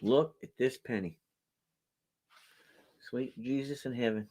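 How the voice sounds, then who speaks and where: A man with a mid-range voice speaks at a slow pace while hosting a casual charity auction video. He's animated and chatty, showing coins to viewers with plenty of exclamations and jokes.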